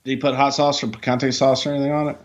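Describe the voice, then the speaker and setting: A man's voice: medium pitch, flat delivery, racing, muffled recording. An older man, co-host of a podcast, talking in a blunt, dry and teasing way in casual chat. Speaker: co-host, wrestling veteran.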